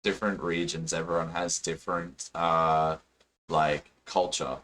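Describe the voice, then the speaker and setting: A man's voice: low-pitched, flat delivery, measured pace, fairly bright tone, slight background noise. An Australian man hosting a podcast, talking casually with lots of fillers and the odd swear word. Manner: rambling, filler-heavy, swears freely. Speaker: podcast host and streamer. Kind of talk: casual chat.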